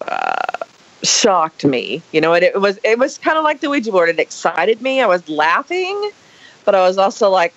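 Animated woman telling a story. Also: medium pitch, moderate pace, no echo, highs cut off. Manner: animated, dramatic retelling. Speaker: guest storyteller. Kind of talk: casual storytelling.

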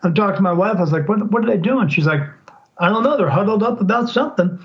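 High-voiced man telling a ghost story. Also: fast, lo-fi sound. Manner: animated, acts out quoted speech in changing voices. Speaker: podcast guest, psychic. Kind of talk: storytelling in a casual interview.

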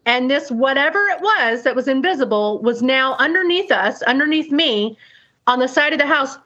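A woman's voice: high voice, moderate pace. A middle-aged woman casually telling a personal story to a group, acting out noises and swearing freely. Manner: animated, acts out sounds and quotes, swears freely. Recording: dull lo-fi sound.

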